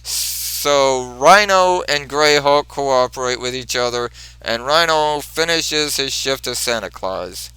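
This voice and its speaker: A man's voice: mid-range voice, lively intonation, slow, few pauses, pushed and bright, clean tone, no echo, low-quality recording. A man reviewing a comic book, retelling the story step by step. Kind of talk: comic book recap narration.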